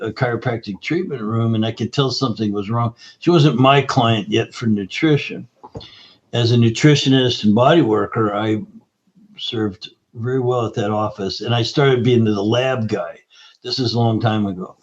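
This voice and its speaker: A man who is a guest nutritionist, telling anecdotes in a lively storyteller's manner during an interview. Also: mid-range voice. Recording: slightly dull lo-fi audio.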